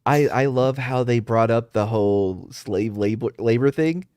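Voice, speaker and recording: A man chatting casually on a podcast, mid-pitched and loose. He tells stories with plenty of profanity and animated energy. His voice is recorded dry and close, with no room sound. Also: measured pace, clear, resonant tone, dry recording. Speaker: podcast co-host. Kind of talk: casual chat. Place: San Antonio.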